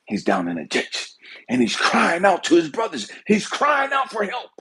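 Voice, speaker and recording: A man giving an impassioned spiritual talk, swinging between hushed whispers and shouted pleas. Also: high-pitched, wildly swooping pitch, normal speed, creaky, breathy edge. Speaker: spiritual speaker. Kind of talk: impassioned motivational preaching.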